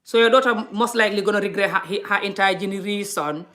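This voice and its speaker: A woman's voice: mid-range voice, fast talker, a bit bright. Earnest woman vlogger from Gambia. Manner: earnest, frequent restarts and repetition. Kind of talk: impassioned casual monologue.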